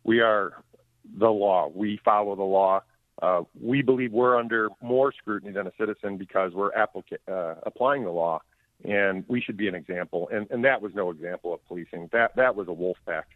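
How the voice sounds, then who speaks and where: Over a tinny phone line, a county sheriff gives a radio interview in a lowish voice, talking fairly quickly with no echo. His style is firm and plainspoken, and he doubles up words when he gets emphatic.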